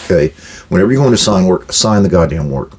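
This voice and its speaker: Blunt older man, low husky voice. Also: lively intonation, fast, darkish tone. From United States. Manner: blunt, direct, plainspoken; acts out quoted exchanges with workers. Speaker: podcast host giving management advice. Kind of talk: blunt advice monologue.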